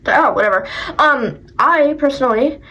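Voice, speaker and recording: A woman's voice: high-pitched, expressive, normal speed, sharp tone, rough recording. A woman hosting a casual reaction video, talking into a phone in a rambling, self-deprecating, sarcastic way. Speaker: host.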